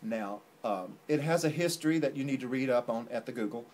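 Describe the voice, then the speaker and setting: A man's voice: mid-range voice, expressive, brisk, a little mellow. A man chatting casually as co-host of a home vlog, recorded on a phone indoors. He rambles through his story with dry jokes in a mid-range voice, and a faint noise sits under the recording. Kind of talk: casual chat. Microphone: phone camera.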